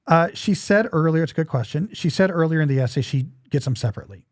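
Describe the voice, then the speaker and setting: Podcast host guy losing his voice, kinda higher pitch, jokey rambling chat, dry close sound. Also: animated, fast talker, a little mellow, no room sound. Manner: joking, self-deprecating, rambling asides.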